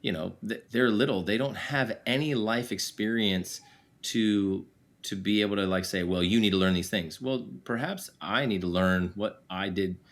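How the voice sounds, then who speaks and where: A man in his forties with a lowish voice talks as a podcast guest. He speaks candidly and mocks himself, laughing easily and filling his talk with "you know" and "like". He tells it with loose, relaxed honesty. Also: normal speed. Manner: candid, self-deprecating, laughs easily, many fillers. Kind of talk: casual candid conversation.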